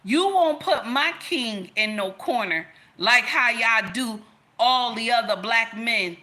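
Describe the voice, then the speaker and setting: A woman's voice: on the high side, lively intonation, slow pace, bright, forceful tone. A woman speaking straight to her audience in an impassioned rant, scolding and repeating herself for emphasis. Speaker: commentator. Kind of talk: impassioned direct-to-camera rant.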